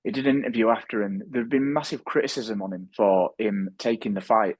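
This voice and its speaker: A man's voice: fairly low pitch, steady tone, a little fast, no echo. A man speaking as a podcast guest and author, talking earnestly and often restarting his sentences. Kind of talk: reflective interview talk.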